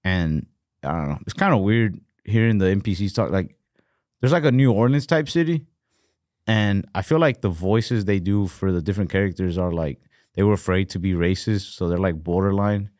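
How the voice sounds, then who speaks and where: A man co-hosting a podcast in casual, profane banter, animated and often jumping into higher voices when quoting people. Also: normal speed, no room sound, clean studio sound. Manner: animated, profane, jumps into high-pitched quoted voices. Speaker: podcast co-host.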